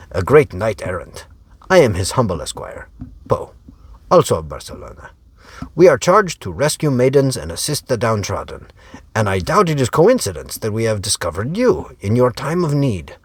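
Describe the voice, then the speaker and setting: A man's voice: mid-range voice, wildly swooping pitch, normal speed, slightly rough, no room sound. A man voicing a polite, formal young squire in an audiobook reading, speaking in a courteous, formal way.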